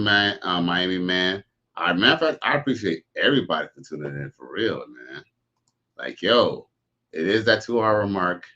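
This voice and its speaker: A man's voice: low-pitched, pushed and bright, lo-fi sound. A man hosting a livestream, giving blunt, preachy commentary in a drawling way. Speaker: streamer host.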